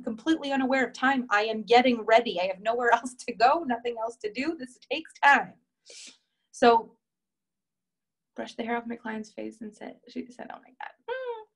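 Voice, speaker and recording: Slightly high-voiced woman coach, upbeat and encouraging on a group call. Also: husky. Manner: warm, encouraging, reads out members' comments. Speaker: relationship coach.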